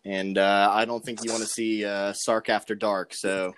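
Rambling young man with a low voice. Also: little pitch movement, normal speed, a bit bright, smooth. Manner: joking, rambling with many ums and uhs. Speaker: podcast co-host giving betting picks. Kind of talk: casual sports betting chat.

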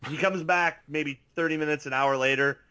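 A man's voice: on the high side, fairly even intonation, normal speed, bright, forceful tone. A man co-hosting a casual podcast, telling rambling anecdotes full of filler words. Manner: rambling storyteller, lots of filler "like". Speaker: podcast co-host.

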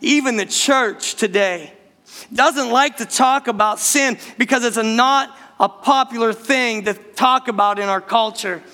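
A man's voice: extremely high pitch, a little slow, bright, forceful tone. A middle-aged man preaching a sermon, talking in a conversational way and often speaking straight to the church. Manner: conversational preaching with repeated direct address to the church. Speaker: pastor.

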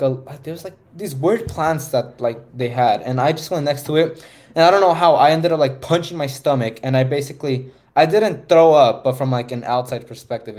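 A young male podcast host with a fairly high, darkish voice tells a story in casual chat, laughing his way through it. He's recorded on a voice call microphone.

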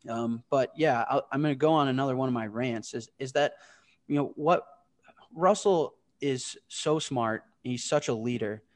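A man in his twenties, a podcast guest, telling stories in a casual interview with lively acted-out quotes and frequent swearing. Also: mid-range voice, dry recording. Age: 20s. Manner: animated, profane, storytelling with acted-out quotes. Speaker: podcast guest, startup founder.

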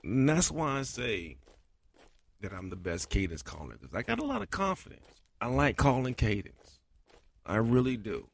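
A man hosting a casual podcast monologue, his voice a little scratchy, talking colloquially and getting animated. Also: medium pitch, moderate pace, creaky. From Florida. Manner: animated, swings loud for chanted cadence bits; colloquial, repeats "you know". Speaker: podcast host, cadence caller.

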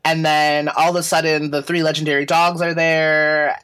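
A woman's voice: deep voice, little pitch movement, normal speed, a bit bright, clean tone. A young woman co-hosting a podcast in casual chat, swearing freely and telling stories with mocking voices. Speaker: podcast co-host.

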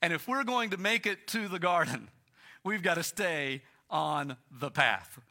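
A man preaches a sermon with a vivid, very bright voice pitched a little high. He tells stories and hammers his points home by repeating them. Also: animated, unhurried. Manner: storytelling, emphatic repetition. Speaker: pastor.

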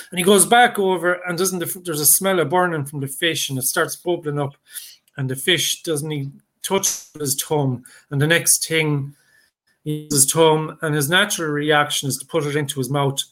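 A man's voice: a little high, steady tone, a little fast, a bit bright. Man telling a folk tale. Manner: rambling and conversational, with many fillers and restarts. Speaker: storyteller. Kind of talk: oral folk storytelling.

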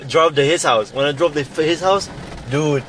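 A man's voice: fairly high pitch, moderate pace, a bit bright, slight background noise. Young man rambling profanely in a car. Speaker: podcast host. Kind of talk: casual chat. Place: inside a car in the rain.

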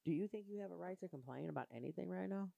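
A woman in casual chat, telling animated, profane stories. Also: on the low side, very fast, gravelly, dry recording, lo-fi sound.

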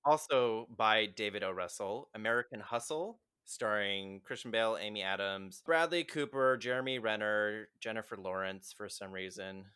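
A woman's voice: extremely low pitch, normal speed, few pauses, a bit bright, clear, resonant tone. A woman co-hosting a podcast in casual chat, dropping dry, teasing quips. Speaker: podcast co-host.

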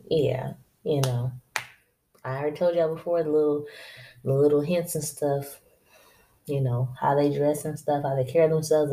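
A woman with a low, warm, mellow voice talks straight to her listeners in a casual solo podcast monologue. She is blunt and slangy, drawls her words and laughs to herself as she lays out her advice. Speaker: podcast host.

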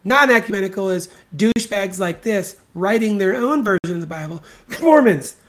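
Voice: medium pitch, expressive, moderate pace. An adult podcast host delivering a solo commentary rant, blunt and profane, repeating insults and points for emphasis. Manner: blunt, profane and scornful, hammering points by repetition.

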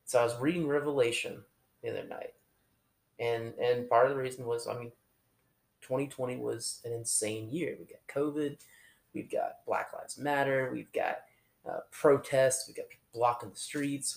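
A man giving an informal, conversational sermon, talking in a halting way with restarts and fillers. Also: medium pitch, fairly even intonation, creaky, reverberant. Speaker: preacher.

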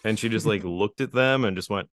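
A man's voice: lowish voice, brisk, no echo, studio quality. A young adult man, a guest on a podcast, chatting casually about his toddler with lots of "like". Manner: rambling, heavy use of "like". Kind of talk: casual chat.

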